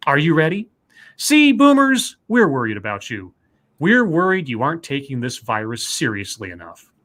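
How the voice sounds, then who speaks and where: A man's voice: mid-range voice, very animated, fairly quick, fairly bright tone. A man co-hosting a casual talk stream, reading news stories and viewer messages aloud and correcting himself as he goes. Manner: reads quotes aloud, self-correcting.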